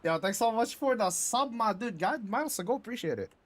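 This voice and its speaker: A streamer reacting loosely and excitably during a live card game stream, swearing freely. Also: medium pitch, brisk, a little hiss or hum. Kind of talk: casual live-stream commentary.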